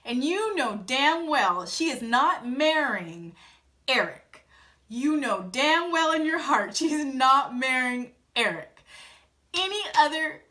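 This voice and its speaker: Bright-voiced young woman vlogger. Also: sits high. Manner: animated, blunt, retells scenes in quoted voices. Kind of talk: casual reality-TV recap.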